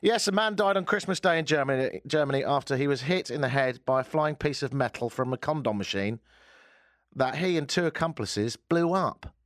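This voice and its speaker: A man's voice: mid-range voice, fairly quick, no echo, studio quality. A man hosting a radio talk show, bantering playfully and mocking himself. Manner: playful, animated, self-mocking. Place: radio studio.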